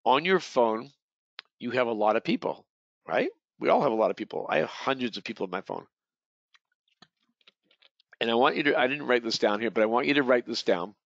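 A man's voice: mid-range voice, lively intonation, fairly quick, creaky, long pauses, fairly bright tone, no room sound. A man leading a real estate training webinar, talking in a rambling way with many restarts and repeated words. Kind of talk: webinar presentation. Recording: dull, lo-fi webinar audio.

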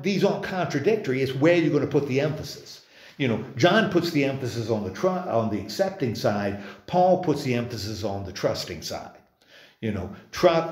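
Teacher, male, mid-pitched, casual Bible class lead, roomy echo. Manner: conversational, many restarts, asks the group questions. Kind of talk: informal Bible study class. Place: church meeting room.

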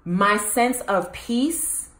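Very slowly and in a mid-range voice, a woman hosting her channel shares a personal story with the camera, the sound reverberant. She's animated and asks her viewers questions along the way.

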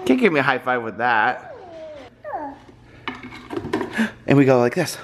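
A playful woman hosts a family vlog, chatting with her little son and callers. Her voice sits low but swings about with energy. There's a clear hiss of noise in the home recording. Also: wildly swooping pitch, normal speed, pauses often. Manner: bubbly, playful, talks to her toddler. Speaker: vlogger host. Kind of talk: casual chat.

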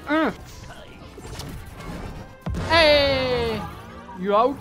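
Excitable swearing gamer guy. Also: sits high, measured pace, over music. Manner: excitable, swears a lot, taunts opponents; bursts into loud yelling when winning or losing. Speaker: gaming YouTuber. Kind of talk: live gameplay commentary.

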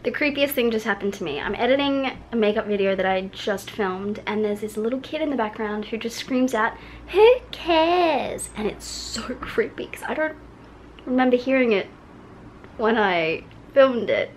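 A talkative woman vlogs into a handheld camera, rambling from one thought to the next and swearing freely. Her voice sits a little high, and steady ambient noise runs under the recording. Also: normal speed. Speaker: vlogger. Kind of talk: casual vlog chat. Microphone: handheld camera mic. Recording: noisy ambient background.

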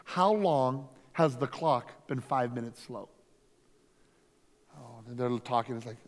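A man, a lead pastor, teaching a conference workshop through energetic, emphatic stories. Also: mid-range voice, moderate pace. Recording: long reverb from a hall.

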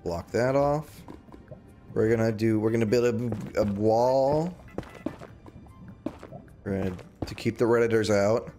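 A man's voice: lowish voice, measured pace, pauses often, mellow, faint music behind. A man livestreaming a game in casual chatter, joking around, reading chat aloud and breaking into sudden squeals and yelps.

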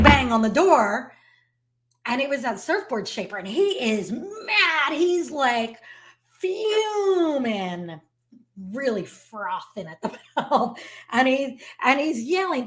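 A woman with a fairly high voice gives business advice straight to the camera. She tells her stories with animation and leans hard on repeated words for emphasis. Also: slow pace. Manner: animated storyteller, emphatic repetition. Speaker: artist's business manager and author. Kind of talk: casual storytelling advice to camera.

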